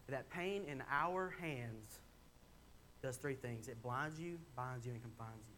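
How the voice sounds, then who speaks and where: A man's voice: mid-range voice, normal speed, a bit bright, slight background noise. A young man preaching in a church, telling a personal story in a candid, conversational way and building to emphatic points. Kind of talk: sermon. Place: church sanctuary.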